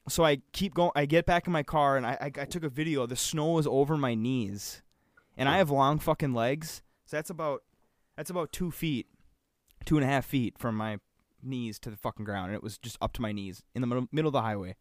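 A young man tells a story in casual podcast chat, animated and full of swearing, and he acts out the voices of the people in it. His voice sits at an ordinary middle pitch. The sound is dry and close, with no room echo. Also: a little fast. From Upper Peninsula of Michigan. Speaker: podcast co-host.

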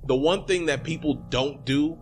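A man's voice: a little high, moderate pace, soft background music. A man casually recapping a film in chat, swearing freely and acting out the characters' lines. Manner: animated, profane, acts out characters' lines. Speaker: podcast co-host recapping a film.

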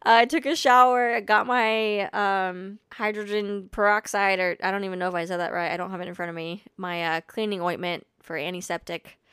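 Chatty young woman, smooth dry voice. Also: mid-range voice, fairly even intonation, normal speed, hardly any pauses, fairly bright tone, dry recording. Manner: chatty and self-deprecating, laughs often. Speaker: podcast host. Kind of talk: casual solo storytelling. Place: home.

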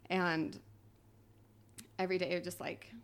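A young woman on a podcast telling a painful personal story in a quiet, halting way, full of "like"s and sometimes near tears. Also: on the low side, little pitch movement. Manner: quiet, halting, tearful at times, many "like"s. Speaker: podcast guest.

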